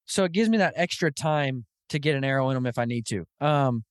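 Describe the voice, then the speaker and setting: A man hosting a podcast, telling stories in an animated, casual way, full of "dude" and "like". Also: medium pitch, brisk, clean tone, no echo, clean studio sound. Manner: animated storytelling, lots of "dude" and "like". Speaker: podcast host. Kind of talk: casual chat.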